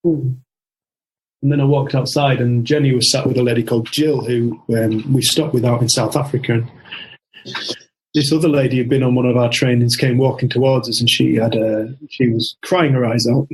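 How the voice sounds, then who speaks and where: A man's voice: mid-range voice, normal speed, low-quality recording. A man who works as a coach, a guest on a podcast, telling a long story with lots of restarts and "she said". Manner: animated storyteller, quotes others with repeated "she said", frequent restarts.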